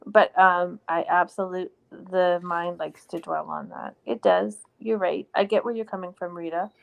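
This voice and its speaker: A woman's voice: lowish voice, fairly even intonation, normal speed, creaky, dull audio. Earnest woman co-hosting a live chat. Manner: earnest, reflective, reads out viewer comments. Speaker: co-host of a live stream. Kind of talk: casual live-stream chat.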